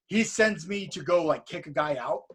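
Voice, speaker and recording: A man's voice: fairly high pitch, animated, measured pace, a bit bright, slightly rough. A man from California telling a story in a casual podcast chat, acting out what other people said. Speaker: podcast guest.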